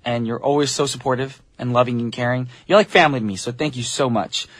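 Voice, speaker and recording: A radio DJ hosts a morning show in the studio, his medium-pitched voice steady and the recording dry. Speaking into a studio mic, he chats casually and upbeat with listeners, tossing in quick asides.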